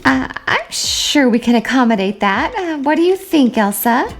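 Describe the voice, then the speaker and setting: A woman voicing two cheerful young sisters who run a pet rescue in a doll-play story, bright and politely chirpy. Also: sits high, very animated, moderate pace, exaggerated voice.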